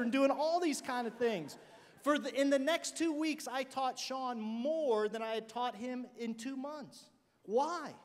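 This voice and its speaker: Animated high-voiced male keynote speaker. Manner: animated, joking storyteller who swings from shouting to quiet asides. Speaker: motivational speaker. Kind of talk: energetic keynote speech to a student conference. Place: large conference hall. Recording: long hall reverb.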